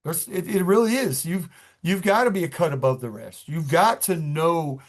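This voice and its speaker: A man's voice: fairly high pitch, moderate pace. Middle-aged guy from new york, police chief talking in an interview, earnest, stumbles and repeats words. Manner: earnest, repeats words while gathering thoughts. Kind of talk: interview conversation.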